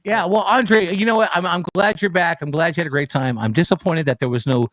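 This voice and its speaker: A man co-hosting a casual sports podcast, telling an animated story and swearing freely. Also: on the high side, fairly quick, no room sound, clean studio sound. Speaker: podcast co-host.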